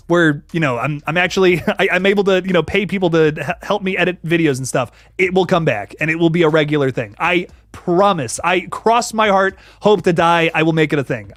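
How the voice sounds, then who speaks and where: A young man chats through a horror livestream in a lively voice that jumps up and down in pitch. He talks in slang and hypes up his viewers as he reads their messages. The sound is dry and close, with faint music playing underneath. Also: no echo. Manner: animated, slangy, hypes and thanks viewers by name. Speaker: horror channel host reading live chat. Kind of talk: casual livestream chat.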